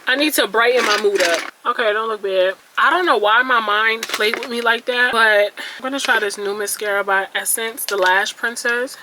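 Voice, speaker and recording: A young woman beauty vlogger chats and vents candidly to her audience as she does her makeup indoors at home near a ring light, self-mocking and full of exclamations. Her voice is a little high, at a moderate pace with few pauses, against a noisy background.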